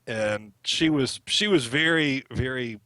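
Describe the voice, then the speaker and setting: Middle-aged male podcast guest, bright and forward, chatty storyteller who laughs often, dry close mic. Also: medium pitch, takes it slowly, dry recording. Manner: chatty, laughs often while telling stories. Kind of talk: casual storytelling chat.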